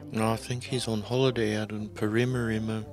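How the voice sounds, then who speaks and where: Deep-voiced New Zealand man, crude banter. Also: little pitch movement, brisk, darkish tone. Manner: crude, swearing, laid-back. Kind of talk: casual comic banter.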